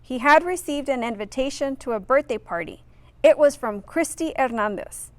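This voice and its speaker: A woman's voice: high-pitched, animated, normal speed, no echo. A woman reading a children's picture book aloud expressively, adding friendly asides for her listeners. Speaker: reader.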